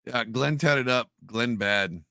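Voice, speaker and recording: Man, stream host, casual halting chat, resonant voice, dead dry mic. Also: medium pitch, creaky, sharp tone, clean tone, no echo. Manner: loose, halting, many fillers.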